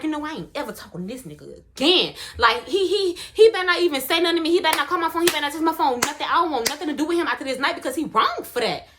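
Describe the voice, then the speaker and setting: A young woman, telling a personal story in a casual, slangy and expressive way. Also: high voice. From Miami, US. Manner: animated, slangy, expressive retelling.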